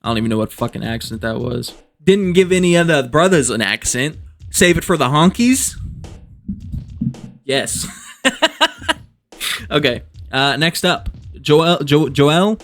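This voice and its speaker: A man's voice: a little high, lively intonation, measured pace, long pauses, a bit bright. A man doing joking casual commentary as a vlogger, rambling, profane and amused at himself.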